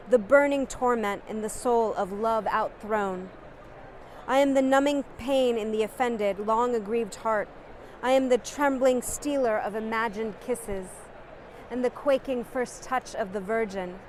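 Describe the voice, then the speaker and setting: A woman's voice: a little high, measured pace, slight background noise. Impassioned woman declaiming poetry. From United States. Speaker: poetry reciter. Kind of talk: dramatic poetry recitation.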